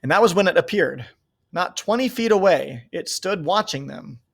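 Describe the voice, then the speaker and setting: A man reading a novel aloud in a steady, measured way. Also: high voice, gravelly, husky. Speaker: reader.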